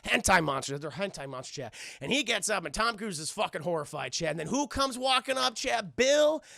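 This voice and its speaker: Excitable streamer with a high, gravelly voice. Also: male voice, fairly quick, dry recording, studio quality. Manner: excitable, swearing, addresses chat constantly. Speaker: streamer reviewing a film. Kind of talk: excited casual recap to live chat.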